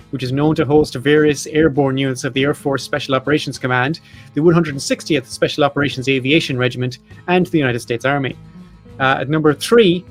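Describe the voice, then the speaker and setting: A man hosting a podcast, reading off facts and lists in a casual chat with jokey asides. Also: fairly high pitch. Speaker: podcast host.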